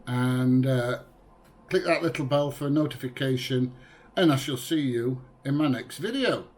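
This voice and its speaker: A man's voice: mid-range voice, moderate pace. A British man chatting casually in a product review vlog, rambling with plenty of fillers. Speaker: vlogger. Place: inside a vehicle, then at a computer.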